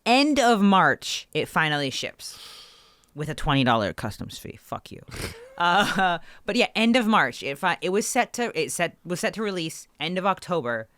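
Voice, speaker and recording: A woman co-hosting a podcast, telling a story in an animated, ranting way with swearing, close to her microphone. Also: lowish voice, normal speed, no room sound. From Canada. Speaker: podcast co-host. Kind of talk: casual podcast chat. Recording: dry close-mic sound.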